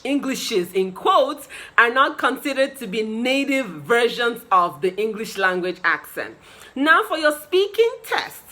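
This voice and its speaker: A woman in her thirties with a Nigerian accent, giving an articulate, explanatory English lesson straight to camera, with emphatic rises in pitch. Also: sharp tone, poor audio. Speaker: English teacher.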